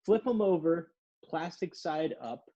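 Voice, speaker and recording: A man voicing a short, brash older woman with a New York accent who yells bossy instructions. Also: on the low side, lively intonation, a little slow, dull audio, pitched above the performer's own voice. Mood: yelling, bossy. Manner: yelling, bossy.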